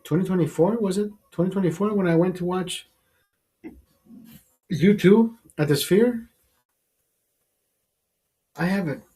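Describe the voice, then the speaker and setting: In a studio, a male show host with a high, mellow voice tells a rambling, profane story during a casual live stream chat. He speaks a little slowly with long pauses, laughs often, and repeats himself.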